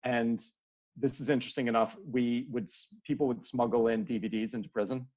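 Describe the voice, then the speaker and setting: A man speaking as an interview guest, earnest and halting, often restarting his sentences. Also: medium pitch, fairly even intonation, darkish tone. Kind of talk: casual interview conversation.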